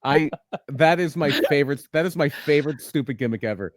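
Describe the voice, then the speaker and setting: A man's voice: a little high, a little fast, no room sound, clean studio sound. A man co-hosting a casual wrestling podcast over a video call, talking with enthusiasm and stumbling over his restarts. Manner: animated, enthusiastic, stammers on restarts. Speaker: podcast co-host. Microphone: video call from a computer.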